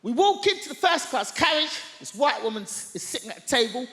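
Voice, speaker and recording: A woman stand-up comedian telling a story on a large theatre stage, loud and theatrical. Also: high voice, big pitch swings, brisk. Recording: echoey theatre hall, faint noise.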